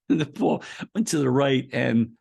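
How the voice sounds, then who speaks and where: A man's voice: mid-range voice, animated, unhurried, vocal fry, a little mellow, breathy edge. A man speaking as an author and coach in a conversational interview, explaining ideas through a long personal anecdote with frequent restarts.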